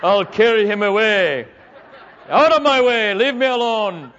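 A man puts on a burly, domineering woman who bellows and pushes everyone aside. The voice is pitched high, loud and half laughing. The recording sounds dull and lo-fi. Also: expressive, measured pace, a faint crowd. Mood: bossy.

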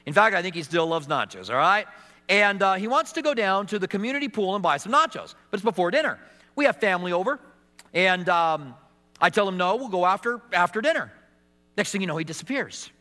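A man's voice: high-pitched, big pitch swings, brisk, sharp tone, long reverb tail. A middle-aged man preaching a sermon as a pastor, telling stories and acting out quotes with some humor. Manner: storytelling with acted quotes and humor.

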